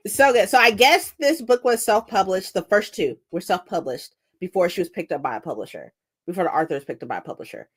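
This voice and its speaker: A woman, chatting casually on a live stream, rambling excitedly and swearing freely. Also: lowish voice. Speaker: book streamer.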